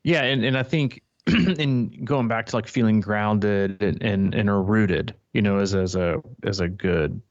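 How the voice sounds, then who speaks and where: A man with a lowish voice talks loosely as a triathlon coach, circling back and restarting his sentences. The recording is dry and a bit dull, lacking top end. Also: unhurried, no room sound. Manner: rambling, frequent restarts. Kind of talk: casual podcast chat.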